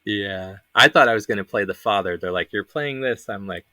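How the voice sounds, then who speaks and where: Laughing often, a male panel host in his thirties spins filler-heavy, rambling stories during a casual chat. He talks a little fast, his lowish voice fairly even in intonation and sharp in tone, with no room sound.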